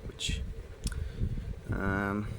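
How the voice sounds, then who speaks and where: A man's voice: deep voice, completely flat delivery, drawn-out words, creaky. A man giving a casual book review, retelling the plot in a rambling way with many fillers. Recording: noisy home recording.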